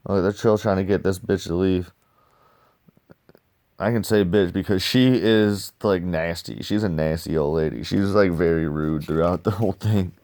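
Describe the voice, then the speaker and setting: A young man with a low voice rambles through a comic review, swearing freely and popping off sound effects as he narrates the panels. The sound is dry and close, like a home mic with no room. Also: moderate pace, dry recording. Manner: profane, excitable, sound effects and acted-out dialogue. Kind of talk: casual rambling commentary.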